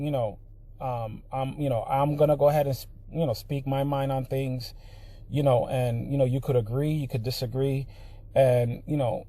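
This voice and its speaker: A man's voice: a little high, dry recording. Dry-sounding man ranting in a casual vlog. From Puerto Rican heritage. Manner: frequent fillers, grows heated and loud. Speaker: vlogger. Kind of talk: casual monologue to camera.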